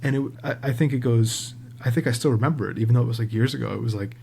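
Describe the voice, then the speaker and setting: A man guest on a podcast, telling a casual, animated story and swearing freely. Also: medium pitch, racing, vocal fry, hardly any pauses, husky. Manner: animated, swears freely, acts out quoted people.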